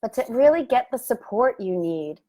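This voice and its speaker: A woman's voice: on the high side, animated, moderate pace, mellow. A middle-aged woman talks casually about something that happened to her, in a chatty and reflective way. She laughs often and puts on little voices when she quotes what people said. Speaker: love coach and host. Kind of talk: casual vlog storytelling.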